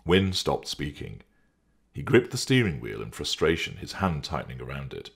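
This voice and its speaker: A man narrating a dramatic story in a measured, scripted way. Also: very deep voice, big pitch swings, gravelly, slightly rough.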